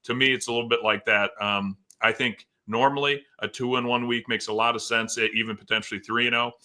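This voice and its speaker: A man's voice: mid-range voice, steady tone, brisk, pushed and bright. A man hosting a casual sports podcast, laughing often and teasing his guests. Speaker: podcast host.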